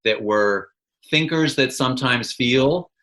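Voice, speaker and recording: A man's voice: mid-range voice, slow, a bit bright, poor audio. A man as an interview guest, explaining in an earnest, teacherly way and checking in with "right?" as he goes. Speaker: guest, arts educator. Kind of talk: casual interview chat.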